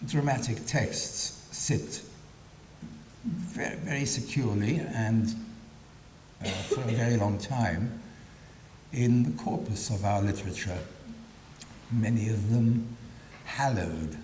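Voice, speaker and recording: Slow, hesitant man lecturing in a hall. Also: darkish tone, distant mic. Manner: hesitant, many ums, dry wry asides. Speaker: guest lecturer. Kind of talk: public lecture with read-aloud excerpts. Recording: echoey lecture hall, faint rumble.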